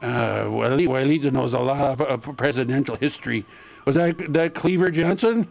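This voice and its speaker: A man's voice: mid-range voice, brisk, vocal fry, a little mellow. A man hosting a radio show, talking in a rambling, stammering way with frequent laughs. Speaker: radio host.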